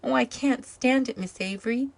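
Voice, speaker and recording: A woman's voice: on the low side, moderate pace, dry recording. A woman reading a storybook, voicing a small eager boy who turns earnest and pleading. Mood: upset.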